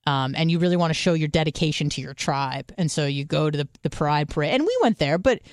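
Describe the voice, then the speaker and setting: Chatty low-voiced woman, dry close sound. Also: animated, quick pace, no room sound. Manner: chatty, swears freely, thinks aloud with restarts. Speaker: podcast co-host. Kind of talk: casual chat.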